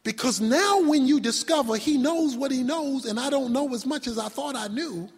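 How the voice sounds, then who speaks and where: Man, pastor, sermon, high-pitched, emphatic shouts and quiet asides, long hall reverb. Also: normal speed, slightly rough. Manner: emphatic preaching, swinging from shouts to low asides.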